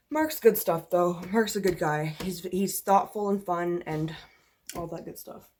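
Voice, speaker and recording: A woman's voice: fairly low pitch, measured pace, a little mellow, a little hiss or hum. A young woman vlogging in casual chat. She vents bluntly and profanely, rambling with constant fillers. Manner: venting, exasperated.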